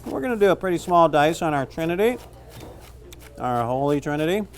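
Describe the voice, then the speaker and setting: A man's voice: on the high side, very animated, a little fast, a little hiss or hum. A man teaching a cooking class, chatting casually and joking as he cooks. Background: frying and sizzling.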